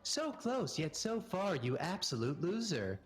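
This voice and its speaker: A man voicing a mocking carnival strength-test machine that taunts the player in a high, sing-song way. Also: sing-song, a little slow. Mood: taunting.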